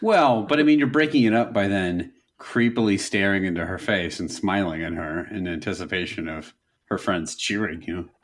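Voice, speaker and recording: A man's voice: sits low, moderate pace. Riffing, jokey podcast guy. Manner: jokey riffing, mock voices. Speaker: podcast co-host. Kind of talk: casual comedic chat.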